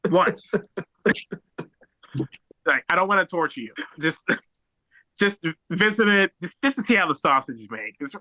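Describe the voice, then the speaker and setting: A young American man doing a stand-up set over a video call, halting and rambling with many fillers and restarts. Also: on the high side, pushed and bright, dry recording, low-quality recording. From United States. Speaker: stand-up comedian.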